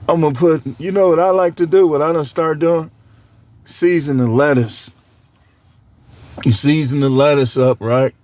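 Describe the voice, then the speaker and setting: A man's voice: fairly high pitch, fairly even intonation, normal speed, pauses often, darkish tone, no room sound. A man with a cold who coughs now and then, preaching a casual, joking sermon with lots of laughter and slangy banter.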